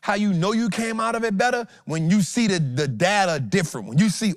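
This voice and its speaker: Man, motivational host, slangy, animated, higher voice, dry sound. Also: a little fast, few pauses, no echo. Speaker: podcast host, trading educator. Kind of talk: motivational casual talk.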